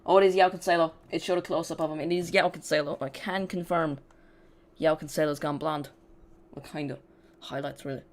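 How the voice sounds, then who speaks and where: Football watch-along host, chatty and loose, talks straight to the chat, mid-pitched voice. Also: fairly even intonation, a little fast, a little hiss or hum. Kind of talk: casual live watch-along commentary.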